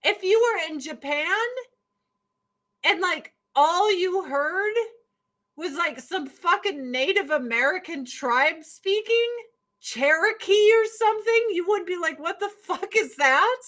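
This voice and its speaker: A woman's voice: very high-pitched, slow, a bit bright, rough recording. A woman hosting a casual commentary stream, ranting sarcastically and swearing freely. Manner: sarcastic, profane, exasperated.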